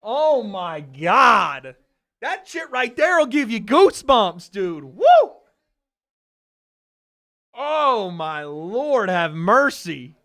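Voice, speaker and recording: A man calls a fight live for his watch-party stream, in a high, bright voice. He names each punch as it lands and swears freely, erupting into excited yells when the action swings. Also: takes it slowly, dry recording, clean studio sound.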